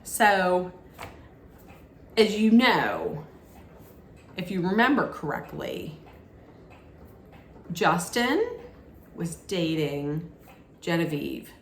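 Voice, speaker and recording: A woman's voice: fairly low pitch, takes it slowly, long pauses. A woman casually recapping a reality TV episode. She often restarts her sentences and acts out what people said. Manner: chatty, with frequent restarts and lively acted-out quotes. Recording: echoey room with faint background noise.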